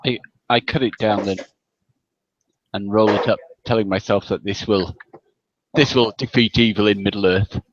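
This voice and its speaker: Low-voiced male player, dull lo-fi mic. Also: fairly even intonation, moderate pace, background noise. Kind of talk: casual tabletop role-play.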